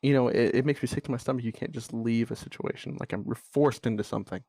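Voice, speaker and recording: A man's voice: medium pitch, fast talker, dark tone. A young man talks candidly into the mic in a blunt, exasperated way, cursing often as he vents. His voice sits in an ordinary middle range. The sound is dry and close, with no room echo. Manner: blunt, swears freely, exasperated venting. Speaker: podcast host. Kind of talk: candid monologue.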